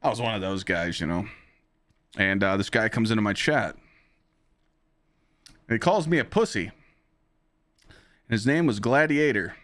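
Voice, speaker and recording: A man hosting his own podcast, telling stories casually to a live chat in an animated, profane way, his pitch jumping high when he relives exciting moments. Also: normal speed, pauses often. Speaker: podcast host and streamer.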